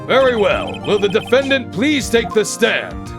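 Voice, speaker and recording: Mild, easily swayed old judge, read by a male streamer in a lowered voice, ponderous and hesitant, with game music behind. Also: wildly swooping pitch, measured pace, heavily acted.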